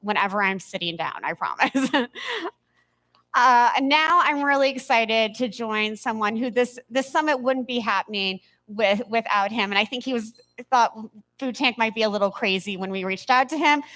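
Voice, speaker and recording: A woman hosting a live summit on a conference stage, upbeat and quick, with small slips and asides, speaking into a stage microphone. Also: fairly high pitch, bright, forceful tone. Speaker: event host. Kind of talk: live event emcee address.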